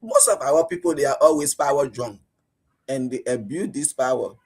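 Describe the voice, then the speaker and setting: A Liberian man giving animated talk radio commentary, acting out police stops as he argues. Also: moderate pace, slightly rough. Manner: animated, rising pitch when outraged, acts out police exchanges. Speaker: radio panelist.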